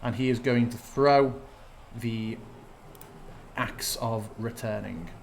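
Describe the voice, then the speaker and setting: A man acts as game master for a tabletop game, narrating in a relaxed, thinking-aloud way as he sorts out rules. His voice sits at an ordinary pitch. A faint ambient hiss runs underneath. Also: takes it slowly, vocal fry.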